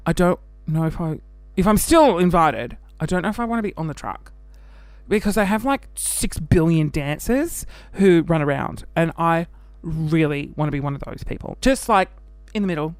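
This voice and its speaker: A man's voice: on the high side, no echo. Chatty Australian man, dry close mic. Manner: chatty and animated, camp, laughing, with quick bursts of mock voices. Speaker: podcast host. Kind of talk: casual chat.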